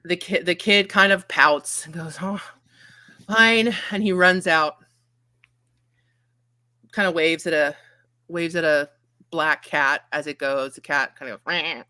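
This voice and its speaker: A woman's voice: deep voice, steady tone, a little slow, pauses often, pushed and bright, no room sound. A woman getting over a cold, narrating a tabletop game as game master in a chatty, giggly way.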